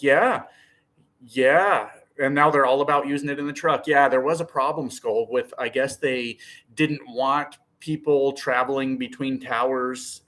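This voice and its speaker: A man's voice: mid-range voice, fairly bright tone. A man who drives trucks, chatting casually on a live stream, rambling in an easygoing way and answering viewers by name. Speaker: trucker vlogger reading live chat.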